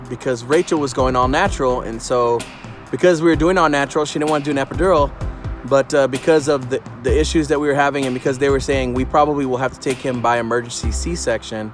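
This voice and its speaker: A man recounting his family's story in a steady, plain way, speaking as the father. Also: medium pitch, a little fast. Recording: loud guitar music behind.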